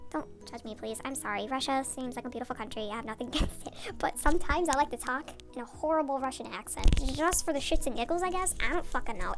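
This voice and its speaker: A sleep-deprived young woman rambling and ranting late at night in her bathroom, swearing and cutting herself off, her voice sped up. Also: sits high. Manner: rambling, swearing, self-interrupting, giggly. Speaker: vlogger.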